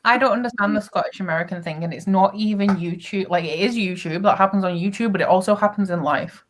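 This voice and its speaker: A woman's voice: medium pitch, quick pace, low-quality recording. A woman from the north of England hosting a casual chat with friends. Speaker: booktuber hosting a reading sprint.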